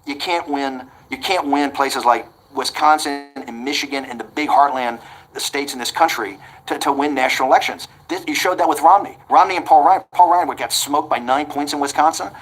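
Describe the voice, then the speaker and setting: A man's voice: a little high, a little fast, a bit bright, low-quality recording. A man in his sixties telling an interview story, blunt and combative, often restarting and repeating words. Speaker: interview guest.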